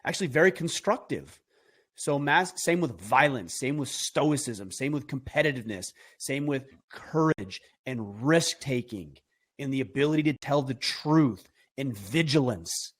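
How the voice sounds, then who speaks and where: Middle-aged man, podcast guest; earnest and forceful, asks rhetorical questions, mid-range voice. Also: mid-range voice, expressive, moderate pace, husky. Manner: earnest, emphatic, builds arguments with rhetorical questions. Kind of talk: conversational podcast talk.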